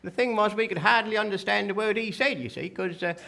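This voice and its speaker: High-voiced man, deadpan, noisy live recording. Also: a little fast, creaky. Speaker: folk comedy duo performer, the father. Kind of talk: comic stage patter between songs.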